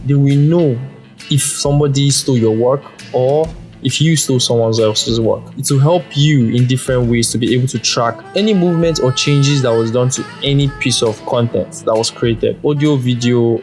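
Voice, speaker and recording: A man's voice: mid-range voice, moderate pace, darkish tone, soft background music. Chatty male podcast host telling stories. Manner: rambling storyteller, chatty with fillers. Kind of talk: casual solo podcast monologue.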